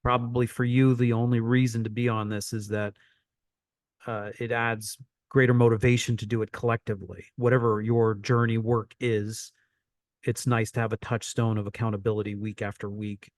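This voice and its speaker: A man's voice: on the low side, level tone, normal speed, dry recording. Man teaching in a dry voice. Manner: repeats phrases for emphasis. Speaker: coach. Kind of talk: online teaching session.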